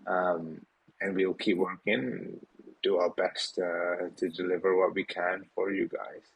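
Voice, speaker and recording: A man's voice: deep voice, level tone, measured pace, vocal fry, breathy edge, low-quality recording. A tired man hosting a casual live audio Q&A, rambling with many fillers and yawning late at night. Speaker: host of a community Q&A.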